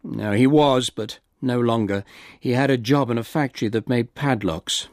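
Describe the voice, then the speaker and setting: A man's voice: mid-range voice, normal speed, a little mellow, dry recording, studio quality, lightly acted. A man voicing a polite, deferential male aide in a story reading.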